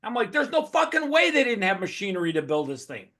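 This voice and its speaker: A man's voice: high-pitched, fast talker. A man hosting a podcast, telling stories animatedly and swearing often in a casual conversation. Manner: animated profane storytelling. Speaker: podcast host.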